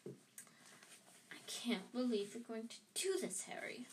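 A woman voicing a prim, bossy schoolgirl who scolds in a snappish, shrill way while reading a storybook aloud. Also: moderate pace, slight background noise, close to an everyday voice. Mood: disapproving. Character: bossy know-it-all schoolgirl, prim and easily indignant.

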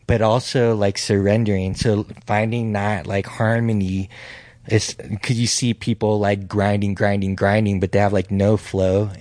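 Low-voiced man musing casually. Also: level tone, measured pace, a little mellow, dry recording. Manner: reflective, loose, with filler 'like'. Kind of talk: casual conversation.

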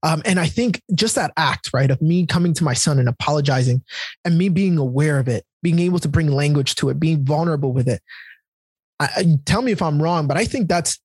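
A man's voice: on the high side, expressive, brisk, a little mellow, breathy edge, no echo. A man telling a personal story in a casual, heartfelt conversation, earnest and confessional. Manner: earnest, confessional, calls listener "bro".

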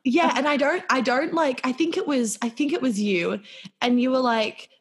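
Woman chatting fast and giggly, kinda high voice, swears a lot, all over the place. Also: slightly rough. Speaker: podcast co-host. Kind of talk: casual chat.

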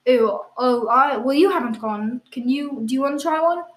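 In an echoey room, a woman co-hosting an improvised comedy podcast speaks at a moderate pace in a voice that sits a little high. She defends absurd claims earnestly and with a straight face, hesitant and full of ums.

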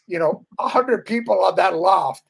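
A middle-aged man with a notably high speaking voice spins loose, profane stories from the old days. He rambles freely in casual chat. He slips into other people's voices whenever he quotes them. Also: normal speed, vocal fry, breathy edge. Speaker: guest, former metal band guitarist.

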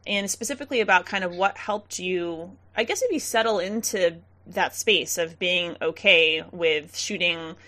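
A woman from central Massachusetts co-hosts a casual podcast interview, chatty and loose, with frequent ums and laughs. Her voice is lowish, pushed and bright.

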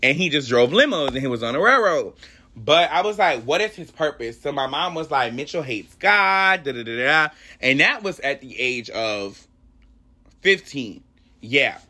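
Young adult man, solo podcast host; heartfelt, rambling faith talk with a bright, animated voice. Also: medium pitch, moderate pace.

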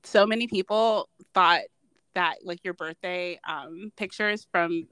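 A woman's voice: on the low side, fairly bright tone, clean tone, no echo. A woman co-hosting a podcast who teases her friend in casual chat and laughs easily. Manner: teasing, quick to laugh. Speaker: podcast co-host.

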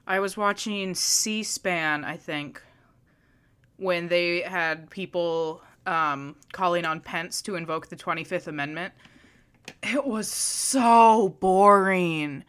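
A woman's voice: on the low side, steady tone, takes it slowly, pushed and bright, clean tone. A young woman in casual podcast chat, chatty and offhand, cracking jokes.

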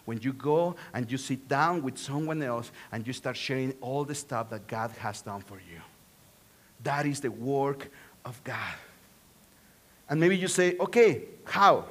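A man from Mexico with a Mexican Spanish accent, a pastor preaching a sermon in an animated way, swinging from hushed to excited with joking asides. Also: medium pitch, measured pace.

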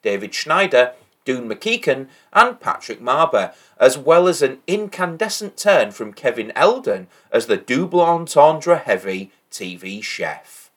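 A man's voice: medium pitch, very animated, unhurried, a bit bright. A man hosting a podcast, giving wry, enthusiastic commentary. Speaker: podcast host.

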